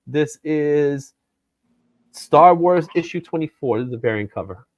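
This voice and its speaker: Lively, animated man hosting a comic show. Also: on the high side, unhurried, no room sound, muffled recording. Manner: lively, loose and joking, laughs often. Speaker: comic book show host. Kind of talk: casual chat.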